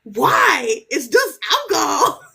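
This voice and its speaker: A woman author chats on a podcast, her fairly high voice leaping all over its range as she tells her stories. She's animated and throws in the odd curse word. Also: slow pace, gravelly. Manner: animated, storytelling, swears freely. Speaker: author guest. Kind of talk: casual podcast chat.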